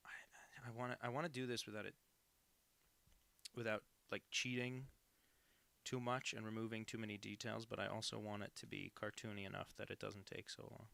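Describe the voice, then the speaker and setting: A man's voice: lowish voice, level tone, fairly quick, creaky, fairly bright tone, dry recording. A young man in his twenties, a cartoonist on a live stream, chatting casually and self-deprecatingly while he draws and reads out viewers' messages.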